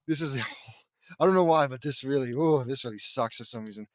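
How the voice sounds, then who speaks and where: A man's voice: mid-range voice, normal speed, no room sound, clean studio sound. A man reading fan fiction aloud and breaking off into sarcastic, mocking commentary. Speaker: audiobook reader and commentator.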